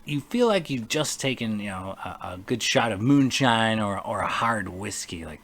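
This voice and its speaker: A man's voice: lowish voice, sing-song, moderate pace, fairly bright tone. A man narrating as game master over online voice chat, describing scenes in a loose, rambling way full of fillers.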